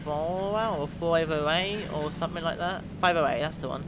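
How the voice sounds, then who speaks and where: A man from the UK chatting casually with his viewers during a live game stream, reading out their names and getting excited now and then. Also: fairly high pitch, fairly quick, heavy background noise. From United Kingdom. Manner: chatty, reads out chat names, bursts of excitement. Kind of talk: casual gaming livestream chat.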